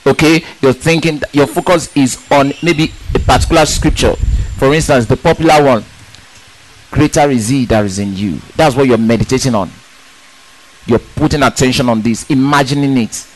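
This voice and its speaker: A man preaching a sermon in an emphatic, animated way, asking rhetorical questions and repeating words for stress. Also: medium pitch, normal speed, rough recording.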